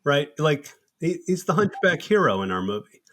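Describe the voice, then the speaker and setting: A man and comedy filmmaker telling stories in a loose, animated podcast chat, swearing freely. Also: a little high, normal speed. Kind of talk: casual podcast conversation.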